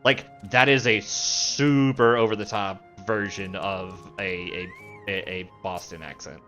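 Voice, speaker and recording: Man streaming a game, lowish voice, rambling casual commentary, swears a lot, self-mocking, faint music behind. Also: fairly even intonation, a little slow, pushed and bright.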